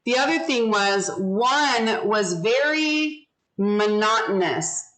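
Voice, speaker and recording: A woman teaching a class over a video call, speaking deliberately and modeling words and syllables for her students. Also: fairly high pitch, expressive, a bit bright, low-quality recording.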